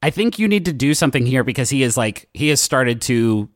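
A man runs a tabletop game as game master, narrating haltingly and searching for words. His voice is mid-pitched and recorded close and dry. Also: sing-song, no echo.

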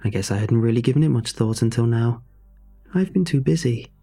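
A man's voice: medium pitch, brisk, vocal fry, mellow, breathy edge, soft background music. A man voicing an eccentric older woman inventor who is overly cheerful and slightly manic, talking in a rambling, sing-song way. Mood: eager.

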